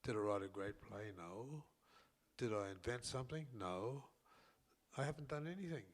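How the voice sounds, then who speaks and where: A man's voice: mid-range voice, expressive, normal speed. Older Australian man spinning rambling yarns. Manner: rambling anecdotes with many restarts and chuckles. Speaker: co-host telling stories. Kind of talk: casual storytelling chat.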